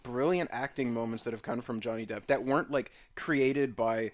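A man's voice: mid-range voice, normal speed. A man co-hosting a podcast in casual chat, argumentative and profane. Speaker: podcast co-host.

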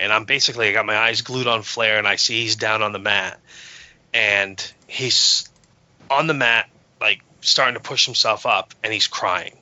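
Man, low bright voice, eager rambling storyteller, lo-fi podcast sound. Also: no room sound. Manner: enthusiastic, storytelling with many fillers. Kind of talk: casual chat. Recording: dull lo-fi sound.

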